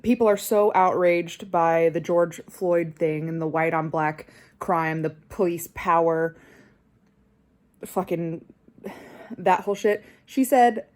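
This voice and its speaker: A woman's voice: on the low side, slow pace, darkish tone. A young woman vlogger delivering an angry personal rant, swearing constantly and getting more heated.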